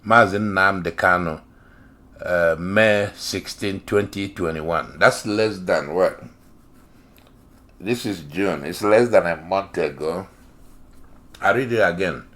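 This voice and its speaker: A man with a deep, low voice reads an article aloud and comments on it. He talks slowly and deliberately. He hammers on phrases with emphatic, sarcastic repetition. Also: fairly bright tone. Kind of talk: reading and commenting to camera.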